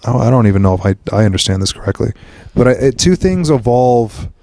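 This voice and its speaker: A man's voice: medium pitch, lively intonation, quick pace, a little mellow, dry recording. A young man co-hosting a podcast, chatting casually with rambling, jokey explanations. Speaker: podcast co-host. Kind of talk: casual chat.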